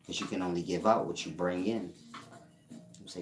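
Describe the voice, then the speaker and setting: A man giving a casual spiritual teaching monologue, drawling slowly and using street slang. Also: low-pitched, fairly even intonation, faint music behind. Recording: roomy echo.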